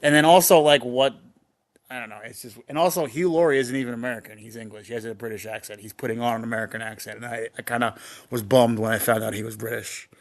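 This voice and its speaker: A man's voice: medium pitch, steady tone, quick pace. A young man co-hosting a podcast, chatting loosely with many fillers and swear words. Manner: rambling, swears freely, lots of fillers. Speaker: podcast co-host. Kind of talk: casual banter.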